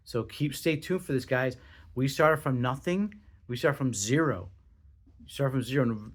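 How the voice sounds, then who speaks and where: A young man hosting his own podcast, talking casually in an excitable, rambling way with lots of swearing and restarts. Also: medium pitch. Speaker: podcast host. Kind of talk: casual solo podcast monologue.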